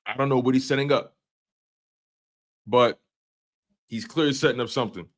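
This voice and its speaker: Hosting a live sports stream at normal speed, a medium-pitched man goes through team news and launches into heated rants against rival fans.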